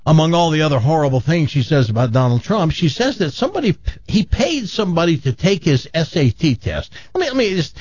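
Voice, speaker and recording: An older man from Tennessee, hosting a radio show and telling stories in a wry, animated way. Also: a little high, a little fast, hardly any pauses, no room sound, muffled recording. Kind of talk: casual morning show chat.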